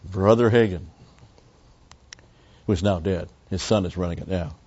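Older man, Bible study lecture, rambling asides, mellow husky voice, dull lo-fi recording. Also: deep voice, moderate pace. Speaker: Bible teacher.

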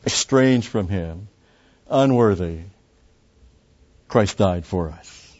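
A man preaching an expository sermon in a deliberate way, with pauses and emphatic rises, on a slightly muffled recording. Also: sits low, animated, darkish tone. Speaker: pastor.

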